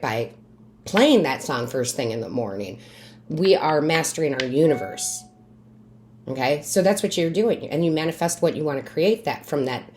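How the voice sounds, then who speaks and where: A woman with a low voice giving a monthly tarot reading. She coaches her listeners emphatically and keeps checking in with "right?". Now and then she drops into quiet asides, asking the cards for their message. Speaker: tarot reader and medium.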